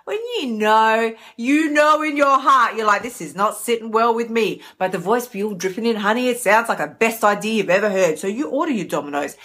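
A woman's voice: on the high side, a little fast, hardly any pauses. An Australian woman, an emotional eating coach, talking energetically and casually on a live stream. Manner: energetic, chatty, animated.

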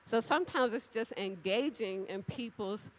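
A woman church speaker delivers a lively, chatty sermon at a moderate pace in a mid-range voice. She addresses the congregation directly, telling stories and acting out little conversations with big swings in her voice.

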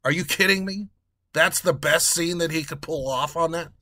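A man hosting a casual talk show, ranting in a crude, sarcastic, animated way. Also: fairly high pitch, moderate pace, no echo, studio quality. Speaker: podcast host.

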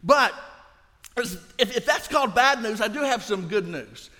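High-voiced pastor in a reverberant hall. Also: male voice, lively intonation, unhurried. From Louisiana. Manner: emphatic, swinging from loud to hushed. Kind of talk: sermon. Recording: long reverb of a large hall.

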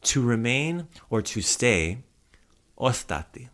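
A man's voice: medium pitch, very animated, slow pace, a bit bright. A man hosting a casual podcast, patiently teaching Croatian words and repeating them for a listener to echo. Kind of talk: casual language lesson.

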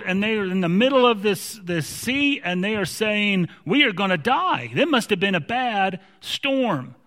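A man with a high-pitched voice delivers an emphatic sermon, often doubling back on his words. His voice rings out with the long reverb of a large hall. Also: a bit bright. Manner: emphatic, repeats words when restarting. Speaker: preacher.

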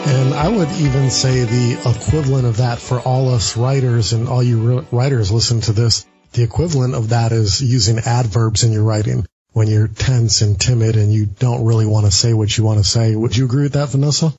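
A man's voice: medium pitch, steady tone, fairly quick, hardly any pauses, darkish tone, breathy edge, dull audio, faint music behind. A man hosting a podcast and asking his guest questions in a friendly, reassuring way. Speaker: podcast host. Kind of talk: podcast interview.

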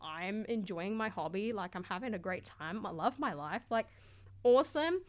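A woman's voice: mid-range voice, expressive, moderate pace. A young Australian woman chatting as a podcast guest, filling her speech with "like" and acting out what people said to her. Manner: chatty, fills every phrase with "like", acts out quoted voices. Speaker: guest, LEGO content creator. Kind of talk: casual podcast chat.

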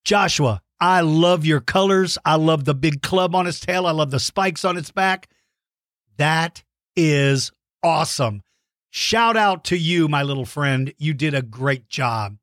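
A man hosting a children's podcast, reading out listener mail with big enthusiasm, warm praise and playful mock-outraged shouts. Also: a little high, a little slow, no room sound, clean studio sound. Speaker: kids' podcast host.

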